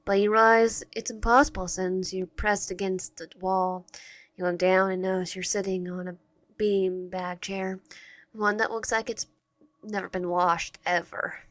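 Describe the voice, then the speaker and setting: A woman's voice: medium pitch, flat delivery, a little slow, no room sound. Woman reading a game aloud, tripping over words. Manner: stumbles and restarts words while reading. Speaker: game narrator and player. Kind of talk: reading a visual novel aloud.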